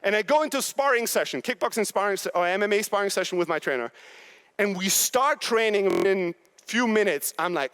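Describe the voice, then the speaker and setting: A man in his thirties giving a blunt, profane, high-energy motivational talk on a conference stage. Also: animated, fairly quick, a bit bright, clear, resonant tone. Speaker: keynote speaker.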